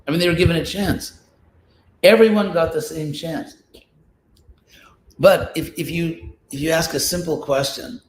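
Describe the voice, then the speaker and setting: A man teaching a study class in an informal spoken lecture, explaining with examples, restarting phrases and sounding out syllables aloud. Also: medium pitch. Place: class in a room, with listeners present. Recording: echoey room with faint ambient noise.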